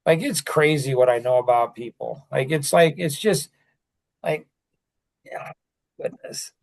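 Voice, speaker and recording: A man's voice: mid-range voice, a little slow, creaky, a little mellow. Older man rambling in casual chat. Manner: rambling, filler-heavy, with many restarts. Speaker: podcast host.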